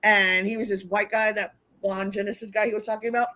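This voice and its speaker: A woman telling wild road stories in casual chat, animated and profane, acting out what people said. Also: medium pitch, fast talker. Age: older. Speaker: wrestling interview guest. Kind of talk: casual storytelling.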